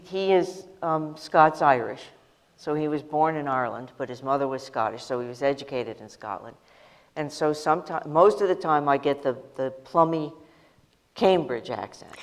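American woman panelist, blunt and wry, long hall echo around her. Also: low-pitched. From United States. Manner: frank, joking, quick asides. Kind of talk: panel discussion.

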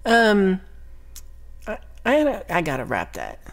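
A woman's voice: medium pitch, wildly swooping pitch, slow pace. A young woman chatting casually with her livestream viewers, reading their comments aloud in a rambling, playful way with lots of ums and little laughs.

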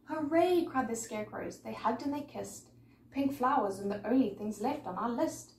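A woman reading a rhyming picture book aloud with a lively, sing-song rhythm. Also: a little high, normal speed. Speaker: storyteller. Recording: echoey room, mic far off, faint noise.

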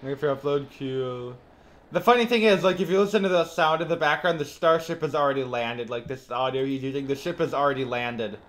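A man streaming a game, reacting live and rating each landing out loud with quick, excitable commentary. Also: mid-range voice.

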